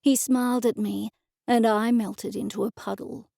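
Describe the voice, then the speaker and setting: Bright-voiced female audiobook narrator. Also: on the high side, fairly even intonation, normal speed, gravelly, no room sound, studio quality. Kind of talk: first-person scripted narration.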